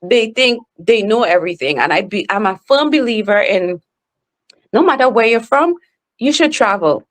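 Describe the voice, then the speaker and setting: Trinidadian woman speaking with emphasis. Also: mid-range voice. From Trinidad and Tobago. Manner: animated, emphatic, talks slowly. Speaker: podcast guest, professional speaker. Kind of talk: casual interview conversation.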